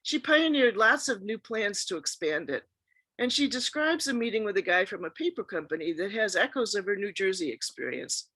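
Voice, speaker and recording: A woman's voice: medium pitch, very animated, moderate pace, fairly bright tone, dry recording. A woman host reading true stories aloud in a scripted narration, acting out the quoted speech as she goes. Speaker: radio show host.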